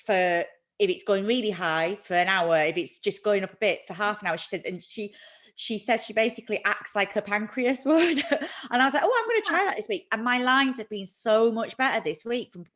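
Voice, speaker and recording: A chatty woman hosts a casual livestream. Her voice sits at an ordinary pitch, and she talks openly and laughs often at herself. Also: normal speed, a bit bright. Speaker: livestream host. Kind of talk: casual live chat.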